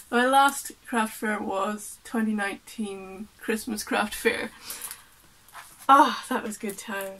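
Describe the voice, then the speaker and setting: Slow-talking chatty woman, noisy recording. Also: medium pitch, fairly bright tone. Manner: rambling, chatty, laughs often. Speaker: artist vlogger. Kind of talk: casual chat while unpacking.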